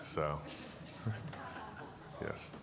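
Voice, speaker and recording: A man's voice: extremely slow, over a noisy crowd. A man in his fifties from Tallahassee, speaking as keynote guest at a dinner, emphatic and self-assured, answering questions with jokes. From Tallahassee, Florida. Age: 50s. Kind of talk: relaxed Q&A talk to a dinner audience. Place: banquet hall. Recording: long reverb of a hall, faint noise.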